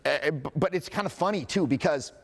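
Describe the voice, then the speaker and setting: A man's voice: fairly high pitch, a little fast, gravelly, in a large hall. A man coaching a live audience on confidence, candid and profane, with joking asides and acted-out quotes.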